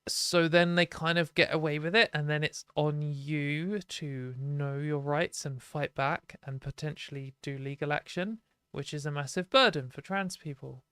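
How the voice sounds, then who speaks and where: A British woman hosting a live stream, talking casually and frankly with lots of "like" and quick laughs. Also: deep voice, fairly even intonation, a bit bright, clean tone, no room sound, studio quality. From Britain.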